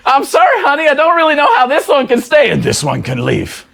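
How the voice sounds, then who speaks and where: A hapless, earnest detective, as a man acts him out in an improvised stage comedy scene. The voice is high and swings all over the place. He sounds apologetic and clueless. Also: huge pitch swings, a little fast, creaky, background noise, full character voice. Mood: bumbling. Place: live stage before an audience.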